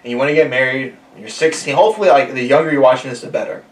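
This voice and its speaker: A podcast host in his twenties talks in a laid-back, rambling way full of fillers, in a room he shares with guests. His medium-pitched voice races along, and the room is echoey with the mic set at a distance.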